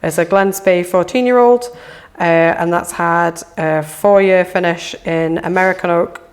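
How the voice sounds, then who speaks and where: A woman's voice: fairly low pitch, fairly even intonation, a little slow. A woman in a casual interview, explaining at length in a chatty way, with fillers. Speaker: whisky brand representative.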